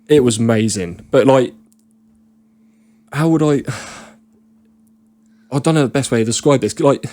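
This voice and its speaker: A British man tells long, rambling stories on a podcast in a casual, laddish way, with plenty of slang and swearing. His voice sits at an everyday middle pitch. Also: takes it slowly, warm tone, dry recording. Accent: British English. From Britain. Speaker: podcast guest. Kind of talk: casual storytelling chat.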